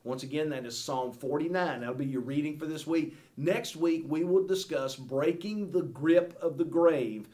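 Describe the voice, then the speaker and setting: A man's voice: fairly high pitch, normal speed, hardly any pauses, warm tone. A man teaching a Bible study like a sermon, earnest and pleading, often repeating words and saying "uh". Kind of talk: sermon-style Bible lesson.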